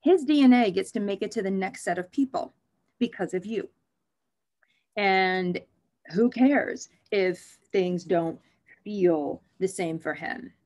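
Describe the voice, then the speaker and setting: Frank, lively woman doctor guest. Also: mid-range voice, slow pace. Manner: frank, animated and joking. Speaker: OB/GYN guest. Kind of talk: conversational interview.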